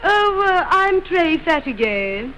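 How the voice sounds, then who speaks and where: An affected actress with a put-on posh English accent, played by a woman, high and swooping in pitch. She talks in a slow, prim, genteel drawl. Faint hiss sits under the old film sound. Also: sing-song, pushed and bright, heavily acted, low-quality recording. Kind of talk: 1920s film trailer banter.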